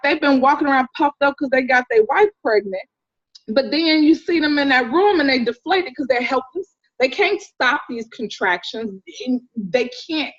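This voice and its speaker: Woman, doula, high voice, animated storyteller, muffled lo-fi recording. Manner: animated storyteller, acts out voices, laughs often. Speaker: doula, podcast guest. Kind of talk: casual interview chat. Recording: dull lo-fi sound.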